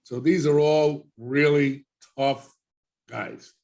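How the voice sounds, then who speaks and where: A man's voice: fairly high pitch, fairly even intonation, slow pace, vocal fry, a little mellow. A middle-aged man telling his life story as a podcast guest, casually and animatedly, acting out the voices of people he quotes.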